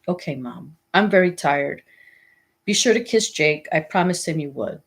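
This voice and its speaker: A woman's voice: low voice, expressive, moderate pace, gravelly, slightly rough, exaggerated voice. A woman reading the lines of a scared ten-year-old girl, asking anxious questions in a plain way.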